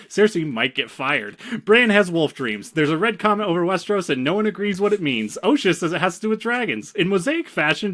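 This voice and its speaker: A man's voice: sits high, a bit bright. A man co-hosting a podcast, recapping episodes with dry, teasing humor. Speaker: podcast co-host.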